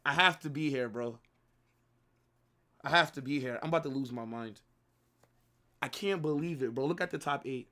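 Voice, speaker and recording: A man's voice: medium pitch, moderate pace, pauses often, pushed and bright. A young man hosting a live football watch-along, ranting and swearing in frustration. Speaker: livestream host.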